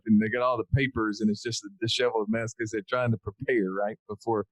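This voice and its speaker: A man's voice: on the low side, level tone, fast talker, hardly any pauses, no room sound. Dry-sounding male podcast host. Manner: curious questioner, laughs easily. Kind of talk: conversational interview.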